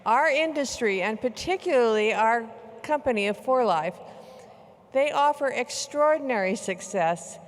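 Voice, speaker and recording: Older woman, high-ish voice, emphatic motivational keynote, arena reverb. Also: lively intonation, a little hiss or hum. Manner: emphatic, slow measured repetitions. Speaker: keynote speaker. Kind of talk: motivational convention speech. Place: large convention arena. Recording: long hall reverb in arena.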